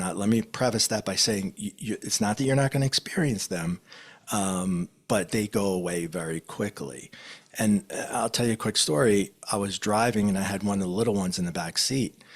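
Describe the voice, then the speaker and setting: Low husky-voiced man telling stories. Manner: relaxed, rambling, many fillers. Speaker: guest, metaphysical teacher and medium. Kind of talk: casual interview storytelling.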